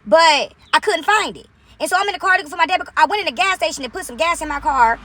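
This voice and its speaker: A woman telling a long casual story to her viewers, chatty and animated, tossing in "right?" after almost every point. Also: sits high, fast. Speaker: vlogger.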